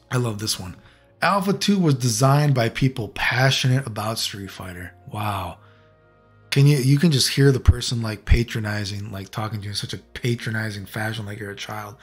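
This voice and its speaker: A man with a husky, slightly breathy voice rants bluntly and profanely to his viewers. His delivery is casual and loose, full of restarts. Soft music plays faintly underneath. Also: on the low side, moderate pace. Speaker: channel host. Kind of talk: casual video rant.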